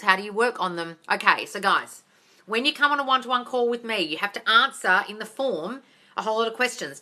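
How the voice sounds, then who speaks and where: A woman's voice: medium pitch, sharp tone. A woman manifesting coach answering viewer questions on a live stream, blunt and swearing, calling listeners darling.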